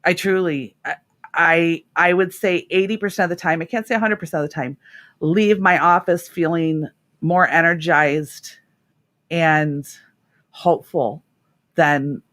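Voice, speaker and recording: A woman's voice: fairly low pitch, fairly even intonation, measured pace. A middle-aged woman hosting a radio talk show, a therapist telling stories about her clients in a casual, earnest way. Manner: earnest, warm storytelling with laughs.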